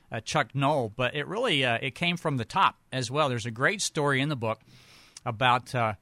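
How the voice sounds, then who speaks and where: Bright-voiced male interview host. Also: mid-range voice, dry recording. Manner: brief prompts and ready laughter. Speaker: radio show host. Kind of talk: interview hosting.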